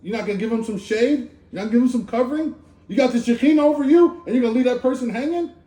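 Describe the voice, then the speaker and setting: Animated man preaching in an echoey room. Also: very high voice, racing. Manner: animated, conversational, slangy with asides. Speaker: speaker giving a Torah talk. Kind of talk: informal sermon. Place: Sukkot gathering in a room.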